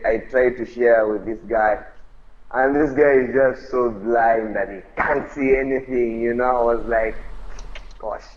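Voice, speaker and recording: A man's voice: mid-range voice, fairly even intonation, normal speed, lo-fi sound. A man hosting a religious live stream, talking in an emphatic, repetitive, fervent way. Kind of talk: casual preaching chat.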